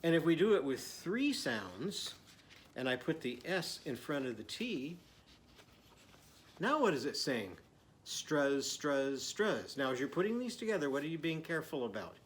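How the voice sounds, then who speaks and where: A man's voice: on the high side, sing-song, moderate pace. A man teaching a children's phonics lesson, patiently sounding out syllables. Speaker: literacy teacher.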